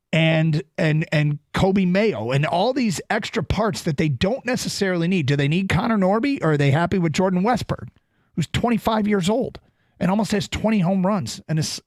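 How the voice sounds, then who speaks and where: Animated sports radio host, man. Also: high voice, dry recording, clean studio sound. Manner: animated, rhetorical questions, gets worked up. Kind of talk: sports talk radio banter. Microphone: studio broadcast mic.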